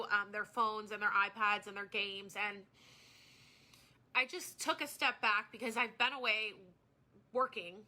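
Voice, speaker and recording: A woman in her thirties talks to her live-stream viewers in a very bright, fairly high voice. She is a small business owner who speaks earnestly and from the heart. She often rambles and starts sentences over.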